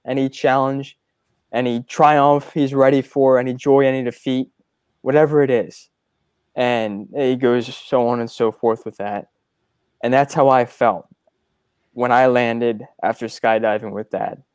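A man's voice: mid-range voice, a little mellow, clean tone, no echo. A man in his twenties, the son and co-host, talking casually and reflectively about his experiences, sincere with small hesitations. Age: 20s. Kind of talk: casual storytelling.

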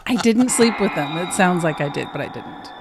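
A woman's voice: fairly low pitch, moderate pace, background noise. Giggly chatty middle-aged woman. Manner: giggly, chatty, animated storytelling. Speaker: podcast co-host. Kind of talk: casual chat.

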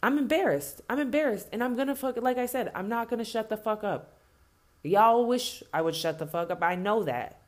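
A woman's voice: a little high, lively intonation, normal speed. A woman delivering an impassioned spoken rant, blunt and heavily profane, hammering points home by repeating herself.

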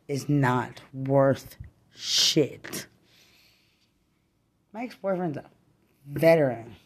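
A woman's voice: low voice, a little mellow. A woman, a mother, in a furious rant, cursing and repeating threats over and over. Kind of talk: angry profane rant.

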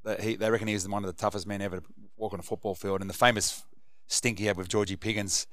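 A middle-aged Australian man, a former rugby league player, co-hosting a casual sports chat and telling quick anecdotes. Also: fairly low pitch, fairly even intonation, fairly bright tone, no room sound. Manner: yarn-spinning, quick anecdotes.

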